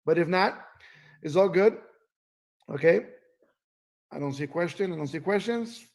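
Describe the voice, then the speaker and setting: High-pitched guy doing a sales training, super animated, acts out all the voices. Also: normal speed, gravelly. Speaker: business trainer.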